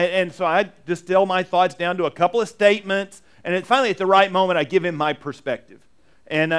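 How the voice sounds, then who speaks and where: A man preaching a sermon, telling a personal story with animated, restart-heavy delivery. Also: high voice, smooth. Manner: animated storytelling, acts out inner dialogue; many restarts and repeated "and". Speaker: pastor.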